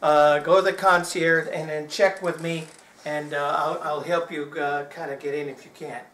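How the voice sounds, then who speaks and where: A man's voice: fairly high pitch, fairly even intonation, moderate pace, a bit bright. A man from Texas doing chatty, joking stage patter as a magician, often asking his audience questions. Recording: roomy live hall sound.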